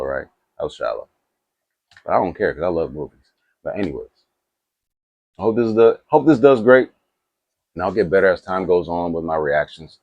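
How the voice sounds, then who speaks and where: Low-voiced guy rambling on camera about movies, hyped, dry close sound. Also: no echo. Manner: rambling, with restarts and asides; animated and excitable. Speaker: movie reaction YouTuber. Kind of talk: casual chat to camera.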